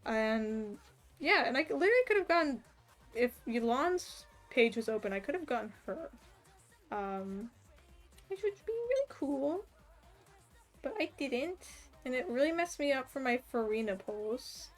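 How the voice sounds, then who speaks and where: Drawing on stream, a young woman rambles in a chatty way, peppering her talk with "like" and small laughs. She speaks high and sing-song at a measured pace over faint background music.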